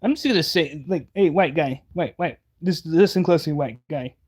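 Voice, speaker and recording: A man's voice: a little high, moderate pace, a little mellow, slightly rough, soft background music. A man giving casual reaction commentary, rambling and heated, stumbling over restarts. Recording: dull lo-fi audio.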